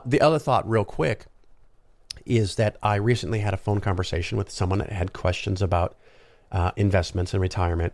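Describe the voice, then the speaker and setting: Low, gravelly man rambling casually. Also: no room sound. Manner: rambling, conversational, frequent ums and asides. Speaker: podcast host. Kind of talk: casual solo monologue.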